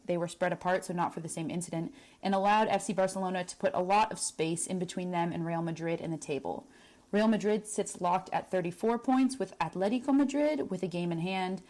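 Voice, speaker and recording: A young woman co-hosting a women's football podcast, giving a brisk news roundup. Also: on the low side, a little mellow. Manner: brisk, news-reader delivery. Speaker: podcast co-host.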